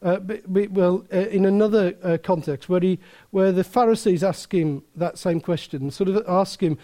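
Excitable preacher man. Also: sits high, moderate pace. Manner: animated storytelling, many restarts, laughs at own story. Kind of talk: sermon with anecdote.

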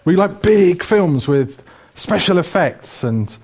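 A crowd can be heard behind a middle-aged Welsh man preaching in a high-pitched, animated voice, taking his time. He's chatty and jokey, listing things with lots of ums.

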